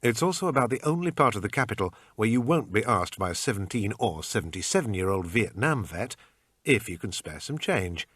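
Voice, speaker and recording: A man's voice: fairly low pitch, sing-song, a little fast, fairly bright tone, breathy edge, no room sound. A man narrating a first-person thriller audiobook in a dry, matter-of-fact manner, close to the mic.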